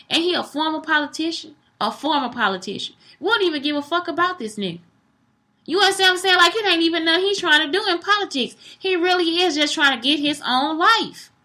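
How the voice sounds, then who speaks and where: A young woman delivers a casual, blunt monologue, swearing freely and animated throughout. Her voice sits high and sounds bright and forward.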